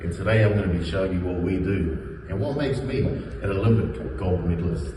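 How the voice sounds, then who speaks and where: A man's voice: deep voice, a little fast. A man with a New Zealand accent speaking upbeat and playfully boastful, recorded in an indoor squash court. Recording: echoey court from far off, noisy.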